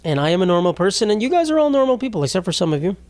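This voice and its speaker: A man hosts a solo podcast in loose, rambling chat. He swears freely and cracks jokes as he goes. His voice sits a little high and is recorded dry and close. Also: big pitch swings, rapid-fire, a little mellow, no echo. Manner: rambling, profane, wisecracking. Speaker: podcast host.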